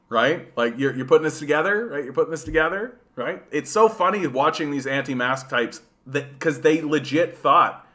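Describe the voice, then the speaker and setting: A man's voice: medium pitch, fairly bright tone. A Canadian man hosting a casual political livestream, rambling, repeating words and answering chat. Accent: Canadian English. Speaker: livestream host.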